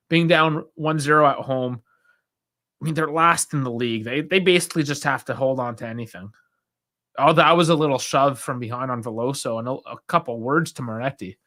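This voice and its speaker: A man's voice: medium pitch, a bit bright. A young man hosting a football watch-along stream, chatting casually, reacting aloud with sighs and laughs and talking to his chat. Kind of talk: casual live match commentary.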